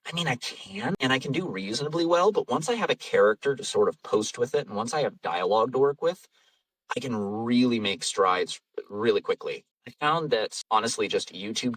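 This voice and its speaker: A man's voice: fairly low pitch, a bit bright, dry recording, far from the mic, rough recording. A man, an audiobook narrator and voice actor, chatting casually in an interview, rambling and self-deprecating, laughing often. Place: home vocal booth.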